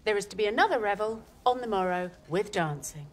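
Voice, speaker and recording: An actress playing a bitter common townswoman in a period drama, speaking low and resentful as she stirs up talk. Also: animated, a little fast, close to an everyday voice. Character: bitter common townswoman, grumbling about the feasting nobles.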